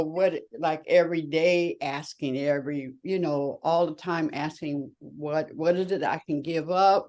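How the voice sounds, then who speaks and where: A woman co-hosting a group talk, reflecting aloud in a halting way and searching for her words. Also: on the low side. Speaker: co-host.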